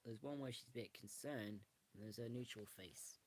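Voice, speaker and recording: A man's voice: fairly low pitch, normal speed, background noise. Rambling man showing off a book. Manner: rambling, restarts often, self-correcting. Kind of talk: casual show-and-tell.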